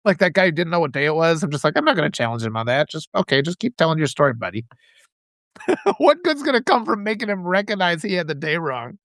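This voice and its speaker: A man hosting a live video, telling rambling, animated anecdotes full of restarts. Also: fairly high pitch, fast talker, no echo, clean studio sound. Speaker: live-stream host. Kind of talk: casual storytelling on a live video.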